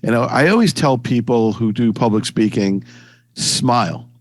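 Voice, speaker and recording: A man's voice: mid-range voice, animated, normal speed, dry recording. A man interviewing a guest, eager, with stammering restarts. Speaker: interviewer, attorney. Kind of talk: interview questions.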